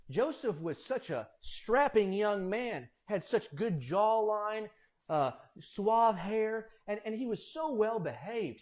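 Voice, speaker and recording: A man casually telling Bible stories, animated and acting out voices. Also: sits high. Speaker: storyteller.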